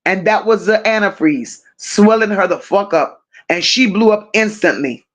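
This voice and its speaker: A woman hosting a casual true-crime livestream, reading viewer comments aloud and answering them with blunt, profane, animated banter. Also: medium pitch, normal speed. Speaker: livestream host reading chat.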